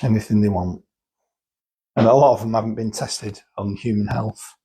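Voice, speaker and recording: A man's voice: lowish voice, steady tone, normal speed, dark tone, slight background noise, poor audio. A man talking casually and explaining things step by step, thinking aloud and restarting sentences as he goes. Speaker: guest explaining cosmetic chemicals. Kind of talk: casual chat.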